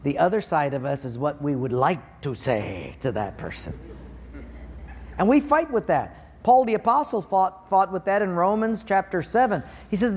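Animated older male pastor in a reverberant hall. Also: high-pitched, moderate pace, husky. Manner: animated, acts out scenes in playful voices. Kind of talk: sermon.

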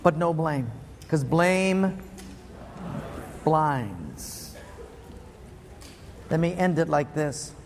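A man with a fairly high, gravelly voice preaches a sermon, spinning playful, punchy stories. His voice carries a long reverb from a large hall, over a faint hiss. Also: animated, drawn-out words, long pauses. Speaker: pastor.

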